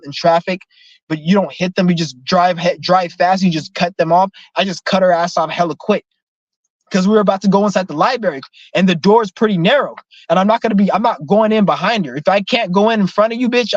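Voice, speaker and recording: A young man telling a profane, animated story in a casual vlog rant. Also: sits high, no echo, dull audio. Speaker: vlogger.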